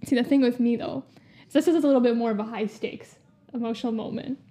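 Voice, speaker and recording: A woman's voice: fairly high pitch, fairly even intonation, fast talker, warm tone. A young woman co-hosting a podcast, chatting casually and rambling with lots of "like". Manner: rambling, heavy use of "like". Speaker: podcast co-host. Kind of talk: casual chat.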